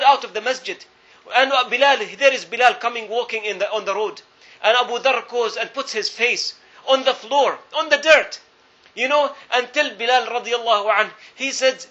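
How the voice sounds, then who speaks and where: A man's voice: very high-pitched, a little fast, bright, forceful tone. A man preaching a sermon, telling a story earnestly and repeating phrases for emphasis. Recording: dull lo-fi recording.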